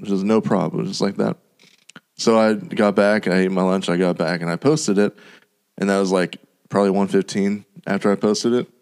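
A man's voice: deep voice, fairly even intonation, fairly quick, a little mellow, smooth. A man chatting casually on a podcast, telling a story in a rambling way and laughing often. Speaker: podcast team member. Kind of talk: casual chat.

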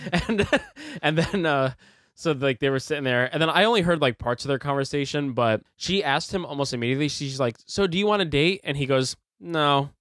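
Casting note: male podcast co-host, mid pitch, dry close sound, rambling and laughing storyteller. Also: a little fast, fairly bright tone, dry recording. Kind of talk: casual chat.

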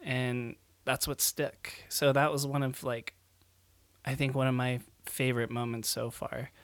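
A young man co-hosting a laid-back podcast, telling stories in a rambling way with plenty of fillers and laughs. His voice is mid-pitched and the recording is dry and close. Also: level tone, measured pace, dry recording. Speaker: podcast co-host. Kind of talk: casual chat.

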